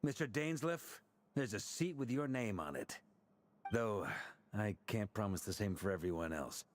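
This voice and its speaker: A man's voice: lowish voice, lively intonation, normal speed, a little hiss or hum, close to an everyday voice. An actor playing a confident male knight commander in a video game. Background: game music.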